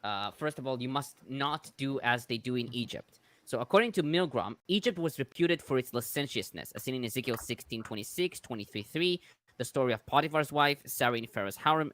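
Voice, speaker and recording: A man on a video call reading scholarly commentary, citing sources in a measured way. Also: mid-range voice, fairly bright tone. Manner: measured, cites sources in detail.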